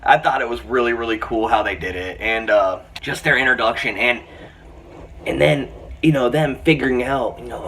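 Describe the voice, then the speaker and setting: A man giving a casual spoken film review, retelling scenes in an excited, rambling way with many restarts. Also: mid-range voice, normal speed. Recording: slightly distant mic, faint room hiss.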